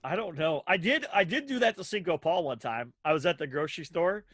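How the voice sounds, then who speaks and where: A man's voice: fairly high pitch, lively intonation, fairly quick, fairly bright tone, no room sound. A man in his thirties co-hosting a podcast, telling casual stories in a rambling way with lots of fillers and acted-out quotes. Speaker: podcast co-host. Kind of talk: casual storytelling chat.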